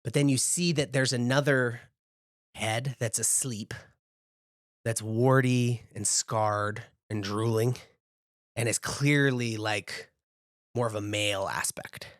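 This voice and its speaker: A male game master narrating a tabletop game in an unhurried, descriptive way, dropping in casual asides as he sets each scene. His voice sits in a middle register and is recorded dry and close, with no room sound. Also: medium pitch, fairly even intonation, dry recording.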